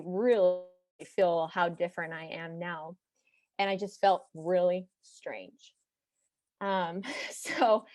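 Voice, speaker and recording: A young woman from Texas, United States, without a regional accent, tells a personal story to an audience, chatty and animated with side remarks. Her voice is medium pitched, with no echo.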